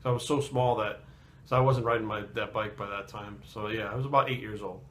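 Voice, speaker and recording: A man's voice: on the low side, fairly even intonation, fast, fairly bright tone. Foul-mouthed man telling a story. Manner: heavy swearing, rambling asides. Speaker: fitness vlogger. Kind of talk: casual storytelling.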